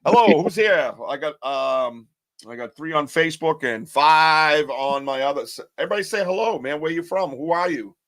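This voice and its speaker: A man's voice: a little high, normal speed, fairly bright tone, no echo. A man hosting a live podcast, chatting loosely, joking and rambling in slang. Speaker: podcast host. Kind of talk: casual live-stream chat.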